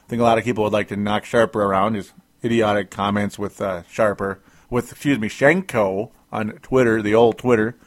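A man's voice: fairly low pitch, steady tone, a little fast. A man hosting a sports talk show, chatting casually with listeners, rambling and laughing at his own asides.

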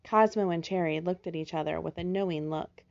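Lower-voiced woman reading a storybook. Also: gravelly, muffled recording. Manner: gentle, measured storytelling. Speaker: storybook narrator. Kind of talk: scripted narration.

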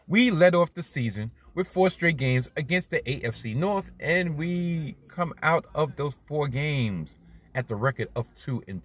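Middle-aged new guy ranting about football, husky, swings all over in pitch. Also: no room sound. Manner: animated, swears freely, swings loud. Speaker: podcast host. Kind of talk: solo sports commentary podcast.

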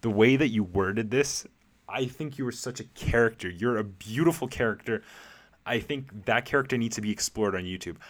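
A man's voice: fairly low pitch, moderate pace. A young adult man hosting a podcast, answering a listener's voice message in a playful, rambling way with frequent laughs and fillers. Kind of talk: casual, rambling monologue.

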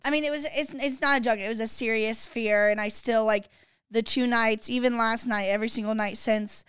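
A woman's voice: on the high side, brisk, clear, resonant tone, no room sound. A young woman from the Bay Area, co-hosting a podcast and telling stories expressively, full of "literally" and "girl". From San Francisco Bay Area. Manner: expressive storyteller, heavy use of "literally" and "girl". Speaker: podcast co-host. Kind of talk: casual podcast chat.

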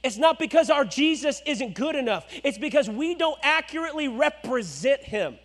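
Guy preaching a sermon, really high voice, goes from loud and pushy to quiet and low. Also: expressive, moderate pace. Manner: dynamic preaching, swinging between loud exhortation and hushed low asides. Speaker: pastor.

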